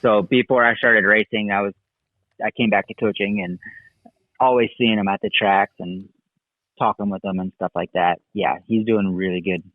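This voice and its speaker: An easygoing man in his thirties recalls his years of racing and coaching in a relaxed, wandering way. His voice comes through thin and boxy, like a phone line, with no room sound at all. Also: on the low side, normal speed, no room sound. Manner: relaxed, rambling recollection with fillers. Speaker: guest, motocross racer and coach. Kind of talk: casual interview storytelling. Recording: dry, tinny phone-like line.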